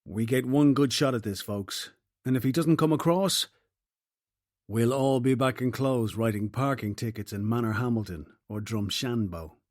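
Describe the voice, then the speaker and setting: A man voicing a commanding detective chief giving orders with brisk, dry humour. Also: medium pitch, darkish tone, no room sound, natural voice. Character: wry, commanding male detective boss.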